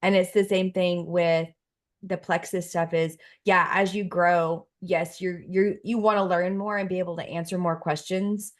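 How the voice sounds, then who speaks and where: A woman's voice: fairly low pitch, steady tone, moderate pace. Earnest woman quoting a book. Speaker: book study participant. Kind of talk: casual group discussion.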